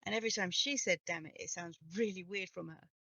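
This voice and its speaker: A woman co-hosting a casual talk show, relaxed and talkative with frequent laughter. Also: on the low side, quick pace, no echo. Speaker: co-host. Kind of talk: casual chat.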